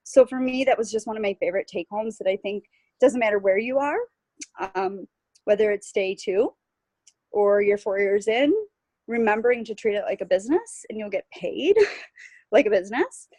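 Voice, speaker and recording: A woman's voice: medium pitch, animated, normal speed, darkish tone, no room sound. A woman sharing her takeaways in a casual group call from home, chatty and upbeat, laughing often. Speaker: team member sharing takeaways. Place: at home on vacation.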